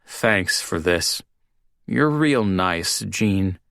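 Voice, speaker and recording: A man's voice: deep voice, expressive, drawn-out words, vocal fry, a bit bright, no room sound, clean studio sound, exaggerated voice. A man reading an audiobook, voicing a drunk, self-pitying young bartender who mumbles and slurs. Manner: slurred, mumbling. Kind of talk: audiobook character voice.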